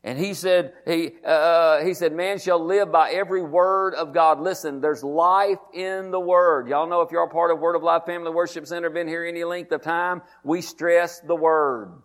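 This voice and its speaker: A man's voice: on the high side, steady tone, moderate pace, few pauses. A man, a pastor preaching a sermon, reading scripture aloud and calling out to his congregation.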